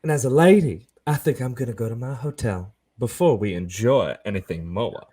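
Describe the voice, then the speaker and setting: A man's voice: medium pitch, moderate pace, warm tone, slightly rough, natural voice. A man voicing a female con artist who puts on a French lady act, campy and over the top. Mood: coy flirting. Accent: put-on French.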